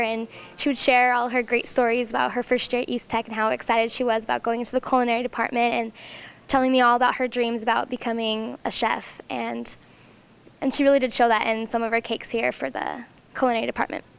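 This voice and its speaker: A woman's voice: a little high, little pitch movement, fast, gravelly, clean tone. A teenage girl fluently recalling a friend's school ambitions for a memorial. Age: teens. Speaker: classmate sharing a memory. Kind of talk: memorial tribute.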